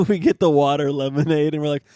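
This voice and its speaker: A man's voice: on the high side, quick pace, mellow, a little hiss or hum. A man co-hosting a comedy podcast, telling a rambling story with laughs and put-on voices. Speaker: podcast co-host. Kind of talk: casual comedic chat.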